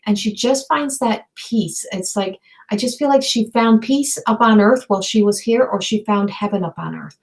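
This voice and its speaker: A woman giving live intuitive readings as a medium, talking in a soft, searching way full of fillers and restarts, sometimes dropping to a near whisper. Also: mid-range voice, normal speed, hardly any pauses, low-quality recording. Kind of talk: live-streamed psychic reading.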